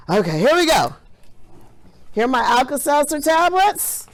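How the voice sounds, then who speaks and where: A woman's voice: sits high, expressive, measured pace. A woman science teacher leading a hands-on classroom demonstration in an enthusiastic, encouraging way.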